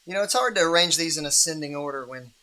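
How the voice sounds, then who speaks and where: A man's voice: on the high side, quick pace, pushed and bright. A man hosting a livestream Bible reading in a casual, rambling way, with many restarts and fillers.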